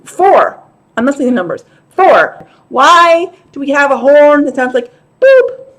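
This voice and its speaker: A woman's voice: high-pitched, expressive, a little slow, fairly bright tone. A woman talking casually to camera as a vlogger, frank and a little profane, with laughing asides. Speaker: vlogger and show host.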